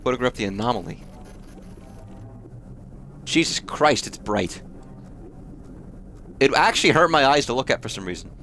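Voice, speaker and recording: Brief: male gaming streamer, mid-pitched, mutters and curses under his breath while he plays, jumpy reactions. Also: expressive, moderate pace, pauses often, a bit bright, slight background noise. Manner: muttering, swearing, startled reactions. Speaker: host of a gaming channel. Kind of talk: let's play commentary.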